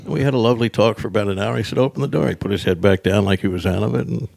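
Gravelly low-voiced comedian telling tales. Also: male voice, rapid-fire, no echo, studio quality. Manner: lively raconteur who acts out others' lines and laughs at his own tales. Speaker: stand-up comedian, podcast guest. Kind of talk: casual storytelling interview.

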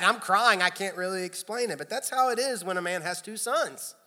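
A man in his thirties delivers a sermon, spinning lively, self-mocking stories about his childhood. His voice sits a bit high with a bright, forceful edge. It rings out through the long reverb of a church hall. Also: fairly quick, few pauses. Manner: storytelling, animated, self-deprecating humor. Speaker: pastor. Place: church sanctuary.

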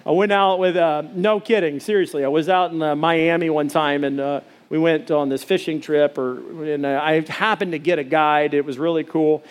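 A man's voice: fairly high pitch, moderate pace. A man in his forties from Arkansas, preaching a sermon in a folksy, conversational storytelling way. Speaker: pastor.

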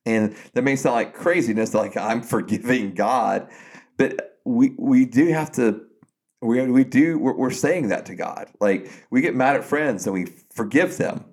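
A man's voice: mid-range voice, expressive, normal speed, a little mellow. A man co-hosting a podcast, chatting casually about faith and retelling a story with frequent restarts. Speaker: podcast co-host.

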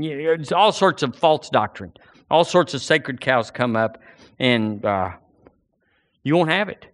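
A man's voice: mid-range voice, animated, moderate pace, fairly bright tone. A man preaching a sermon with passion, rising into fervent outbursts.

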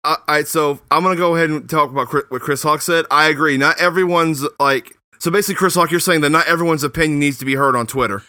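A man co-hosting a podcast in casual chat, excitable and stumbling over restarts. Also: a little high, quick pace, hardly any pauses, no echo, studio quality. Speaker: podcast co-host.

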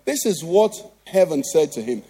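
A man's voice: a little high, big pitch swings, moderate pace, warm tone, slightly rough. A Nigerian man preaching a sermon as pastor, tossing rhetorical questions at the congregation.

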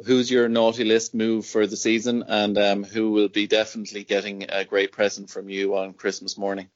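A man hosting a casual podcast, teasing his guests in a relaxed, joking way with plenty of ums. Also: fairly low pitch, normal speed, no echo, muffled recording. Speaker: podcast host.

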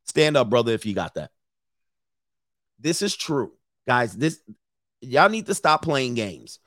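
A man hosting a live commentary, reading messages aloud and reacting to an audience in the room with blunt, profane, animated asides. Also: medium pitch, measured pace, long pauses, dry recording, clean studio sound. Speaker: commentary host.

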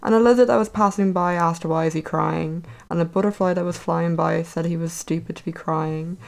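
Low, creaky woman telling a fairy tale. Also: fairly even intonation, a little fast, rough recording. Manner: wry, conversational asides. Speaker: storyteller. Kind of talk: casual retelling of a fairy tale.

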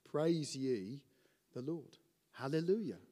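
A man preaching a teaching sermon in an animated way, often restarting and putting questions to his listeners. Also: mid-range voice, slow, long reverb tail.

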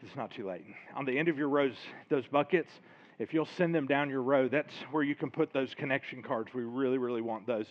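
A man's voice: mid-range voice, fairly even intonation, fairly quick, muffled recording. A man, a pastor, winding down his sermon with announcements and a prayer, out of breath and earnest, talking informally with some hesitations.

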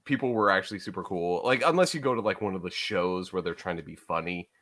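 Man, relaxed podcast co-host with a low-ish voice who swears and laughs through his stories. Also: fast talker. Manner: casual, swears freely, laughs while talking. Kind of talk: casual chat.

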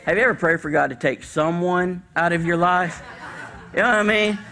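A male pastor giving a conversational, animated sermon in church, with casual slang and sudden bursts of emphasis. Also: high-pitched, brisk, creaky.

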